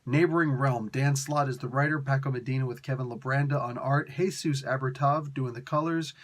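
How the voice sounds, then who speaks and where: A young man hosting a casual review, talking in an animated, sarcastic and exasperated way with slangy asides. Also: medium pitch, fairly quick. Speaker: comic book reviewer.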